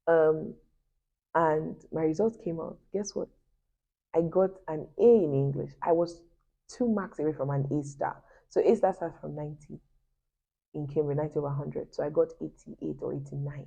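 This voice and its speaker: A young woman tells a personal story straight to her viewers. Her voice sits low and mellow, and she keeps turning to the audience with chatty asides. The recording is dull and lo-fi. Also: vocal fry. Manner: chatty and animated, addresses viewers as guys, laughing asides. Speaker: vlogger.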